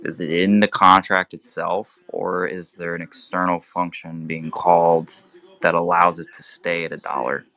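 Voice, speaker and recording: A man in an audio chat room asking a question, halting as he searches for words. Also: low-pitched, little pitch movement, bright, forceful tone, poor audio. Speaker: audience member asking a question. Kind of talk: casual chat.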